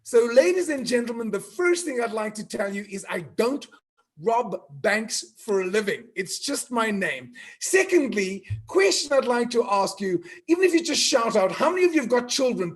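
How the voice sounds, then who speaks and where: Husky, high-voiced man in his fifties from South Africa. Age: 50s. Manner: playful, animated, storytelling, asks the audience to join in. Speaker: event host. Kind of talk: energetic live event hosting.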